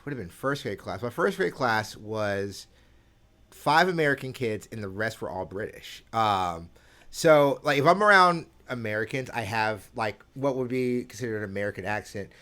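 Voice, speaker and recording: A man's voice: fairly low pitch, lively intonation, sharp tone. Rambling man in easy podcast chat. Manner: rambling, halting, many "um" and "like". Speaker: podcast co-host. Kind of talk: casual chat.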